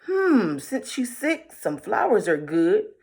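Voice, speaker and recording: A woman's voice: medium pitch, huge pitch swings, slow pace, darkish tone, slightly rough, voice pushed up, exaggerated voice. A woman voicing a small girl in a red cape from a storybook, innocent and a little wary.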